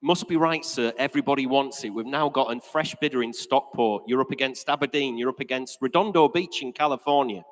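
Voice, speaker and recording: Brisk auctioneer man in an echoey hall. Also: mid-range voice. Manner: brisk, jokey patter between bids. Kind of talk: live auction calling.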